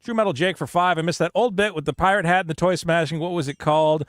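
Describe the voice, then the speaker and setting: A man with a high, bright voice co-hosts a casual comedy podcast and reads viewer chats aloud. He tells stories loudly and animatedly, putting on panicked voices. The recording is dry and close. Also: fast talker, no room sound. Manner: loud, animated storytelling with put-on panicked voices. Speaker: podcast co-host reading super chats.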